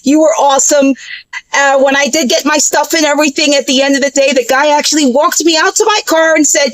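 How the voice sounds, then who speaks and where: A woman's voice: high-pitched, fairly even intonation, a little fast, slight background noise, rough recording. A woman telling a story in a casual, profane rant full of fillers and restarts. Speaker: vlogger.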